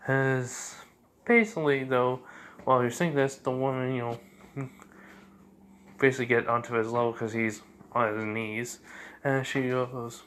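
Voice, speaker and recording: A man improvising a fan-fiction retelling, rambling along with constant fillers and corrections. His pitch sits squarely in the middle range, relaxed and unscripted. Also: a little slow, long pauses, a little hiss or hum. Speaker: storyteller.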